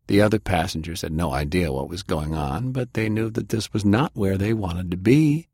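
A man narrating an audiobook in a lively reading style. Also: low-pitched, moderate pace, breathy edge, no echo, studio quality.

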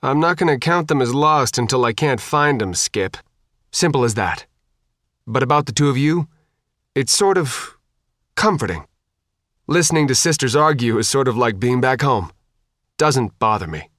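A man's voice: medium pitch, animated, normal speed, pauses often, a bit bright, dry recording, voice pushed up, natural voice. An easygoing young sailor, casual and unbothered, voiced by a male narrator. Lifted a little above the reader's own voice, dry and close-miked in an audiobook.

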